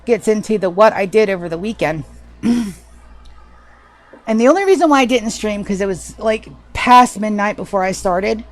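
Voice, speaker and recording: A woman's voice: medium pitch, animated, moderate pace, pauses often. Woman streamer, casual gameplay chat, profane, sarcastic, talkative. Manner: chatty, profane, self-mocking.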